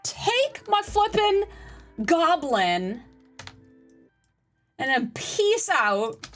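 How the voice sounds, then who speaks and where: A woman live-streaming a game, chatting with her viewers and getting excitable during play. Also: high-pitched, very slow, faint music behind. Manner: chatty, excitable, talks to chat. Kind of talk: live-stream gaming chat.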